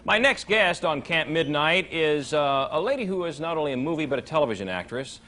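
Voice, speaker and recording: A man's voice: fairly high pitch, expressive, brisk, pushed and bright. A man hosting a late-night variety show in a jovial, teasing way. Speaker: talk show host. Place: television studio with a live audience. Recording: broadcast with audience noise behind.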